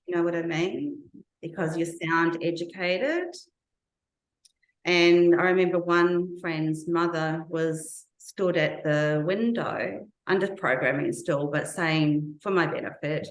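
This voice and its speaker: A woman with a low voice tells her own story earnestly in an interview, slowly building up remembered details. The sound carries a noticeable echo from the room around her. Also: slight background noise. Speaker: interview guest. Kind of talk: personal testimony in an interview.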